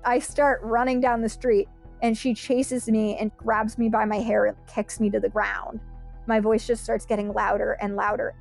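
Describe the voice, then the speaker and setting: A woman's voice: fairly high pitch, little pitch movement, normal speed, creaky, faint music behind. A young woman who is a podcast guest, telling a personal story and retelling events through quoted dialogue. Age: young adult. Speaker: podcast guest, victim advocate.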